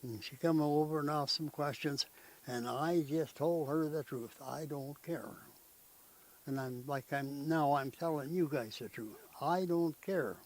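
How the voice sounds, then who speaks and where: A man's voice: on the high side, a little slow, rough recording. An older man, telling family stories in a rambling, folksy way and often tagging his sentences with "eh?". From Canada. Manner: rambling, folksy storytelling with frequent "eh?" tag questions. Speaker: interviewee. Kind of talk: storytelling in conversation.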